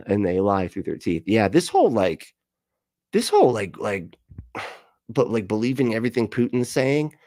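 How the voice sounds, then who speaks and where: A man with a fairly low voice rambles through casual commentary, reading chat aloud and reacting with profane sarcasm. He laughs often. The close mic is dry, with no room sound. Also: darkish tone, no echo. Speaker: video commentator.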